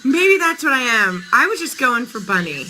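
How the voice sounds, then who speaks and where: A woman's voice: a little high, big pitch swings, moderate pace, sharp tone, faint music behind, rough recording. A woman in her thirties hosting a casual morning live stream, chatting playfully with viewers while her voice sounds tired.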